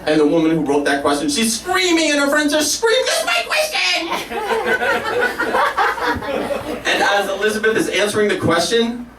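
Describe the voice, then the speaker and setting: A man telling a comic personal story live on a small cafe stage, animated and self-mocking. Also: sits high, quick pace, far from the mic, a crowd in the background. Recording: roomy live cafe, mic from afar.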